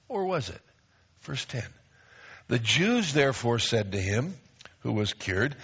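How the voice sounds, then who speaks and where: A man's voice: medium pitch, lively intonation, measured pace, pauses often, fairly bright tone, slightly rough. A middle-aged man pastor preaching a sermon, emphatic, repeating phrases and acting out quoted voices. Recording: dull lo-fi recording.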